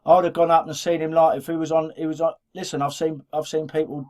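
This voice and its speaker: A man's voice: a little high, little pitch movement, quick pace, a little mellow. A middle-aged man from the Black Country of England, co-hosting a podcast in casual chat, rambling and restarting his sentences often. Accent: Black Country English. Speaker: podcast co-host.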